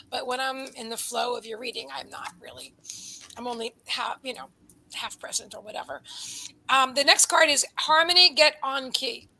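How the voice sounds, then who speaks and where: A woman giving a live psychic card reading, rambling and breaking off mid-sentence, with quiet murmured asides. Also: high voice, vocal fry, poor audio. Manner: rambling, self-interrupting, drops into soft asides. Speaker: psychic reader.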